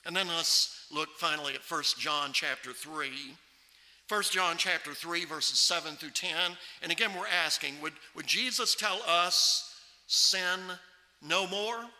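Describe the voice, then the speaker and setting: High, forceful preacher in a reverberant church. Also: male voice. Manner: emphatic, slows right down to stress scripture. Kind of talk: sermon. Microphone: microphone on a stand. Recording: long hall reverb from a church.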